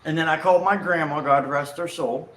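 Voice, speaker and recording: Rambling man with bright voice. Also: fairly high pitch, a little fast. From United States. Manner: rambling, animated, self-correcting. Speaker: vlog host. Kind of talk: casual storytelling. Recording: roomy echo with faint outdoor ambience and birds.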